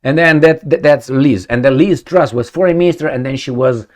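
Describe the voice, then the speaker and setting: A man's voice: mid-range voice, brisk. Blunt rambling man mocking politicians. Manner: gropes for names, many fillers and restarts. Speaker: political commentator. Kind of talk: casual monologue.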